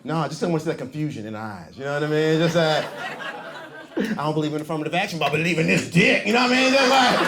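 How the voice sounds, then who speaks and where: A male stand-up comedian with a high voice that jumps around constantly, riffing with the audience and laughing at his own jokes. He talks loose and profane on a club stage, into a handheld mic. The taping is full of crowd laughter and clear room noise. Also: lively intonation, quick pace, pauses often. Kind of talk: stand-up set.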